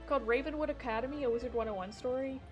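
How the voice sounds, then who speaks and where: In a muffled recording, a young woman's high-pitched voice races along as she plays and chats on stream with music behind her. Her casual gaming talk rambles, with frequent laughter and free swearing.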